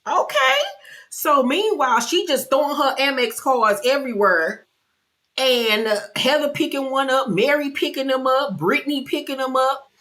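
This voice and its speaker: A woman giving a casual recap of a reality TV episode, loud and brash with slang and swearing, often laughing and jumping high in pitch for mock outrage. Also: normal speed. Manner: animated, loud, with frequent laughter.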